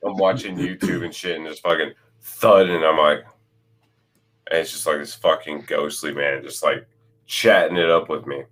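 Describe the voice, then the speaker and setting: A man's voice: extremely low pitch, steady tone, moderate pace, fairly bright tone. A man co-hosting a podcast in casual chat, telling stories with laughter and swearing. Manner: storytelling, laughing, profane. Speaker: podcast co-host.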